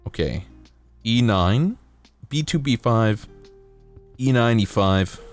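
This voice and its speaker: A man's voice: expressive, takes it slowly, soft background music. A man streaming casually while building a model kit, rambling and joking, his throat dry. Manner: rambling, jokey, bursts into silly high voices and singing.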